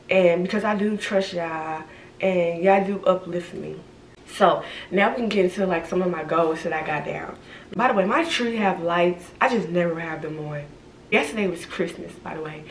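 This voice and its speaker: A woman's voice: fairly low pitch, a little hiss or hum. Young woman vlogging at home, talks kinda slurred from retainers, mic far off, room echoes. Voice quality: slightly slurred speech from retainers. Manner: rambling, frequent "like" and "y'all". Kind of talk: candid vlog confession. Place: at home in her apartment.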